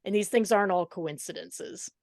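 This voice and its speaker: A woman hosting a podcast interview, sympathetic and quick to laugh. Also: mid-range voice, creaky, darkish tone, no echo, studio quality. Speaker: podcast host. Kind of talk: interview conversation.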